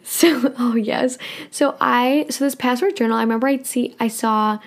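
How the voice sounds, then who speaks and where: A woman's voice: a little high, normal speed. A young woman in her twenties co-hosting a podcast, chatting casually and laughing often. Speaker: podcast co-host. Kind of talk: casual chat.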